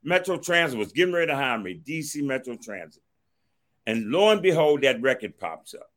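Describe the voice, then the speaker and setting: Animated middle-aged man telling a story. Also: mid-range voice, fairly quick. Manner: animated, acts out others' quoted words, repeats a stock phrase to move on. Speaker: storyteller recounting his past. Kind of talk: personal storytelling.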